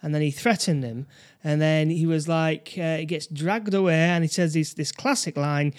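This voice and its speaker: A man's voice: on the high side, steady tone, normal speed. Man chatting about a film. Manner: tag questions, chatty prompting. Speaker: film review co-host. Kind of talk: casual chat about a film.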